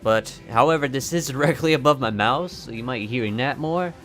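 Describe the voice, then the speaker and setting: A man's voice: medium pitch, a little fast. A teenage boy chatting casually on his vlog, jokey and self-mocking, into a desk mic at home. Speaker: YouTuber. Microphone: desk mic on stand. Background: soft background music.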